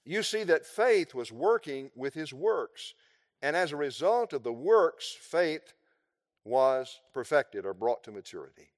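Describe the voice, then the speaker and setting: A man preaching a sermon, explaining scripture verse by verse with emphatic, drawn-out phrases. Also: a little high, sing-song, big-room sound.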